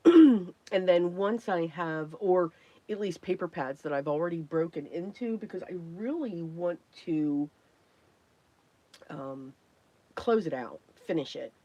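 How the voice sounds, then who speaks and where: A woman hosting a casual crafting livestream, chatty and greeting viewers by name, her voice hoarse and worn from talking, often clearing her throat. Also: fairly low pitch, warm tone, no echo. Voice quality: frequent throat clearing and coughs.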